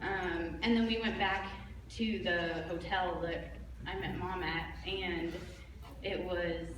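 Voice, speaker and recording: A woman's voice: on the low side, steady tone, takes it slowly. A young woman from Canada, giving a chatty, laughing tribute speech at an open mic. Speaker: family member giving a tribute. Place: large church hall, live event. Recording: echoey hall, distant mic, crowd noise. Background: audience murmur.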